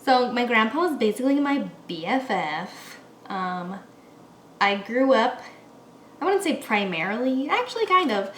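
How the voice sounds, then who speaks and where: Rambling young woman vlogging while baking. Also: mid-range voice. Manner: rambling, laughs often. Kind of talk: casual chat while baking. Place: kitchen in her apartment. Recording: echoey room, faint noise.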